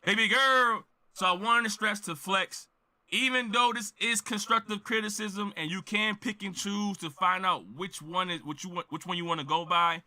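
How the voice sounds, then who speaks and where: Guy ranting loud about his reaction channel, high bright voice, keeps shouting. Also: steady tone, normal speed. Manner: loud, emphatic, shouts with indignation. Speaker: reaction video creator. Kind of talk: animated ranting monologue.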